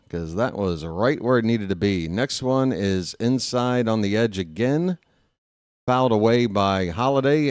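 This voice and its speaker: An American man giving casual live fan play-by-play of a baseball game, chatty and talking to himself, with excitable bursts. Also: medium pitch, dry recording. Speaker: play-by-play commentator.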